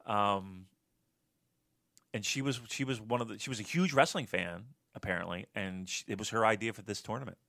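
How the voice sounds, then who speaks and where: A man co-hosting a podcast in casual chat, animated and profane, breaking into loud rants. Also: lowish voice, moderate pace, creaky. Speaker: podcast co-host.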